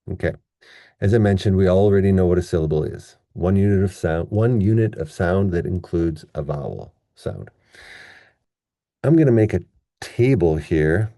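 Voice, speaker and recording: A man teaching English pronunciation in an online lesson, patiently explaining step by step and slowing down to demonstrate how words are stressed. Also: low voice, dark tone, dry recording, studio quality.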